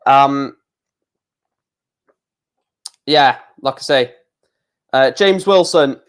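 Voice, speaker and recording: A man hosting a live football watch-along, calling the play with fillers and erupting into shouts at big chances and goals. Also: medium pitch, drawn-out words, pauses often, clear, resonant tone. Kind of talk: live football match commentary and reaction.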